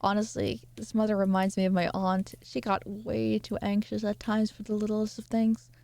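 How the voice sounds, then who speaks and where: A woman's voice: mid-range voice, flat delivery, normal speed, gravelly, dark tone, no room sound. A young woman streamer reading a novel aloud and chatting with her viewers, with rambling, apologetic asides.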